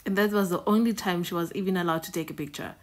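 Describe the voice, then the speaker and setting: A woman's voice: lowish voice, fairly even intonation, fast, a little mellow. A woman hosting a reaction video in a casual, conversational way, often repeating words and phrases for emphasis.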